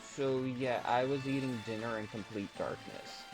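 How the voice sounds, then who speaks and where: A young man with an ordinary mid-range voice talks casually on a live stream, wandering from story to story. His delivery is playful, with quiet chuckles between thoughts. Music plays clearly in the background. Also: mid-range voice, moderate pace, rough recording.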